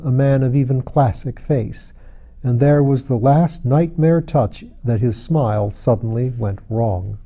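A man reading a classic novel aloud in a measured, even audiobook narration. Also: medium pitch. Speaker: audiobook reader.

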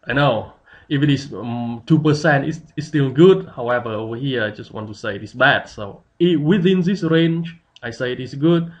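A man teaches in a slow, halting way, full of fillers and little pauses. His comes through on a dull, lo-fi screen-capture recording. His voice sits in a middle pitch. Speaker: instructor. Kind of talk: screen-recorded software tutorial.

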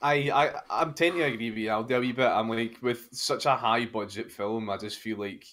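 A Scottish man co-hosting a gaming podcast, speaking in a measured, slightly hesitant way. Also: medium pitch, a bit bright. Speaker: podcast co-host. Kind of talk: casual gaming chat.

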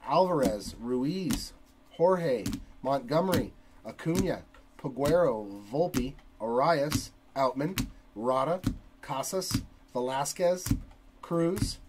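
A man hosting a trading card break, reading long lists of player names in a steady cadence. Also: mid-range voice, slow pace, background noise.

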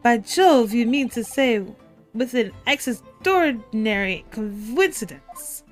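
Woman playing pompous old male game judge, high-pitched, slow. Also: expressive, soft background music.

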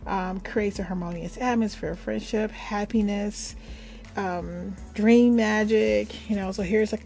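An older woman talks her way through a home craft tutorial at a mid-range pitch. She rambles cheerfully, affirms herself, and now and then drops into a soft whisper. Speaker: craft and magic video host.

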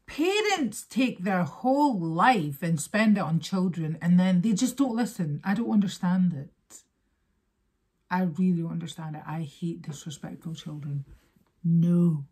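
A young woman chats through a music video reaction, openly emotional and speaking straight to her viewers. Her voice sits a little low with a husky, breathy edge. She talks in a loose, casual, conversational way. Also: lively intonation, measured pace, darkish tone.

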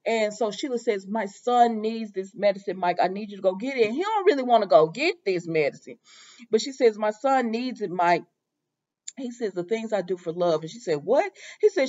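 A woman's voice: a little high, sing-song, normal speed, darkish tone. A woman casually recapping a soap opera episode, retelling scenes with quoted lines, many fillers and exasperated asides. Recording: dull lo-fi audio.

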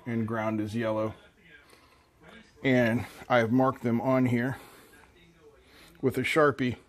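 A man hosting a hobby channel, talking casually through a build while joking and thinking aloud. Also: medium pitch. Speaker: electronics hobby channel host.

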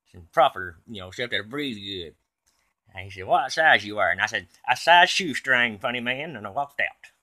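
Here a comedic storyteller rambles through a folksy tall tale meant for laughs, his voice fairly low-pitched with a bright, forceful edge. He delivers other people's lines without changing his own voice.

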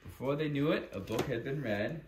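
A man reads a bedtime picture book aloud to his small child in a gentle, storytelling manner. He sits well back from the mic in an echoey room, with steady household noise behind him. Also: mid-range voice, brisk, recorded from a distance. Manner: reads gently, often breaking off to talk to the toddler and dogs. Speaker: father reading to his toddler. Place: living room at home.

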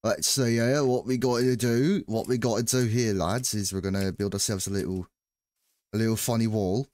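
Man, glaswegian scottish accent, lowish voice, rambling jokey streamer chat. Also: fairly even intonation, normal speed, a little mellow, no echo. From Scotland. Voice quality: joking, rambling, frequent laughs and restarts. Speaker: livestreamer. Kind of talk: casual chat while gaming.

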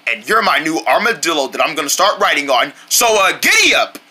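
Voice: medium pitch, very animated, brisk, sharp tone, husky, exaggerated voice. A performer voicing a bossy, bratty boy in a cartoon who keeps demanding a ride. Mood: pushy. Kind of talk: cartoon voice acting.

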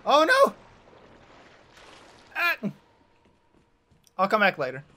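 High, bright-voiced joking gamer guy. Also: huge pitch swings, takes it slowly. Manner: joking, laughs a lot. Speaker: player. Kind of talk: casual let's-play banter.

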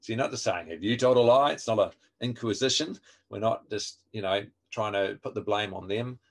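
A man's voice: fairly low pitch, moderate pace, breathy edge. A man training people in a live online webinar, explaining step by step and quizzing his listeners. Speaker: evangelism trainer.

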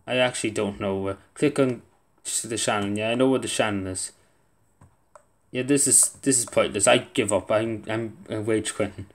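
A young man talking his way through a game in a casual commentary, half to himself. His voice sits a little low, and he mutters, grumbles and swears under his breath in a self-deprecating way. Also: fairly even intonation, moderate pace. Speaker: gaming video creator.

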